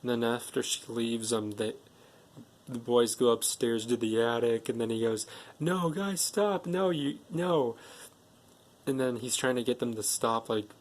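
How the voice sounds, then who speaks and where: A man's voice: medium pitch, monotone, normal speed. A man recapping a movie's plot casually, stringing events together with "and then" and "like". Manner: rambling plot retelling, strings clauses with "and then" and "like". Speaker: movie reviewer.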